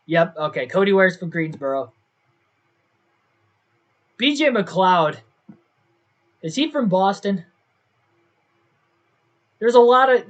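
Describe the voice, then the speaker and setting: The audio is dull, carrying a young man's high-pitched, slightly bright voice. He's a gaming livestreamer casually talking his viewers through his stream, thinking aloud and questioning his own decisions.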